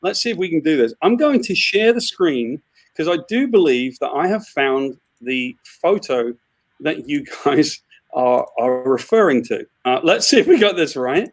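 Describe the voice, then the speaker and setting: A British man, a comic book writer, chatting casually on a video call and telling animated anecdotes with a chuckle. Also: fairly high pitch, normal speed, no echo.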